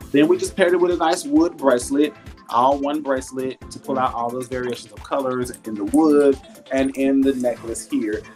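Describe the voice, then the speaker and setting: Chatty male live-stream seller, laughs a lot, churchy warmth, faint music behind. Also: medium pitch. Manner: chatty, laughs often, reads viewer comments aloud; warm and churchy, talks faith. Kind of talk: casual live sales stream.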